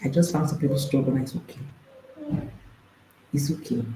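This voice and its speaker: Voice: medium pitch, a little fast, warm tone, roomy sound, a little hiss or hum, low-quality recording. A marriage and intimacy coach, speaking to an audience, emphatic and repeating phrases, firing off rhetorical questions.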